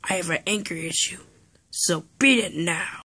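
A woman's voice: lowish voice, normal speed, sharp tone, husky. A woman narrating and voicing toys in an improvised play, talking in a half-whispered, sighing, rambling way. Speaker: toy play video maker.

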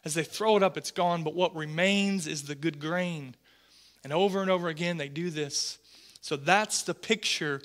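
A man in his forties, a pastor preaching a sermon, earnest and animated, often repeating words as he tells stories. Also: on the high side, normal speed.

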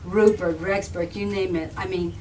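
A woman telling a personal story on a live panel, animated and often laughing, with restarts and repetitions. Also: on the low side, moderate pace. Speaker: filmmaker and activist guest. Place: live event room with an audience. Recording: distant mic with background noise.

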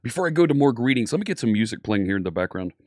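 A man's voice: mid-range voice, sing-song, rapid-fire, darkish tone, no room sound, studio quality. Upbeat man hosting a coding stream. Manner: upbeat, greets viewers by name, jokes. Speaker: live stream coding teacher. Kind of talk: casual live-stream chat.

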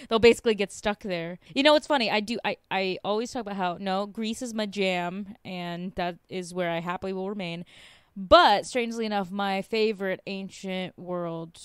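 Smooth-voiced American woman hosting. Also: mid-range voice, no echo, studio quality. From United States. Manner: animated, jokey, quick asides. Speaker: podcast host. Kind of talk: casual chat.

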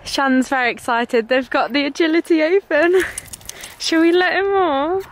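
Giggly high-voiced woman vlogging outdoors. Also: moderate pace. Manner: giggly, excitable, talks to her dogs in baby voice. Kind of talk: casual vlog chat. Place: outdoors in a car and a field with dogs. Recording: noisy outdoor phone recording.

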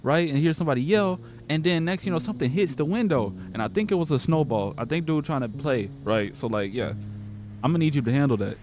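A man's voice: on the high side, lively intonation, fast talker, darkish tone, soft background music. A young man playing a horror game, chatting casually and retelling events in slangy, profane rambles. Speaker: gaming streamer. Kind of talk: casual let's-play commentary and retelling.

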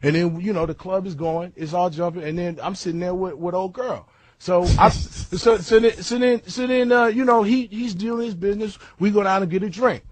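A man's voice: high voice, moderate pace, no echo. A man telling a long story in casual chat, rambling with frequent asides and restarts.

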